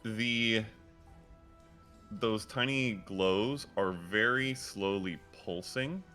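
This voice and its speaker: A man with a very low voice and a bright, forceful edge runs a tabletop game as dungeon master. He lays out each scene slowly and descriptively, pausing on fillers as he talks. Faint music plays behind him. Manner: slow, descriptive scene-setting with frequent fillers.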